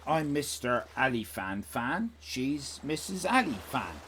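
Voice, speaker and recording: A man's voice: medium pitch, big pitch swings, slow pace, a bit bright, slight background noise. An Irish man hosting a live stream in casual chat, rambling from one tangent to the next with jokes and swearing. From Ireland. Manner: rambling, digressive, sweary, jokey.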